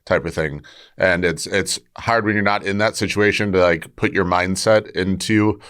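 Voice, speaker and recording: A man's voice: low-pitched, fairly even intonation, moderate pace, a bit bright, smooth. A man hosting a podcast, talking with a martial arts background, thinking aloud with frequent restarts as he asks questions. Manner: restarts often, thinks aloud while asking. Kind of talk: conversational podcast interview.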